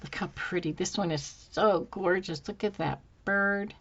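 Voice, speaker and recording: Slow, soft-spoken woman crafting. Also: fairly low pitch, muffled recording. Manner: soft-spoken, musing aloud while working. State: slightly hoarse, losing her voice. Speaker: craft channel host. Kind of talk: casual craft tutorial chat.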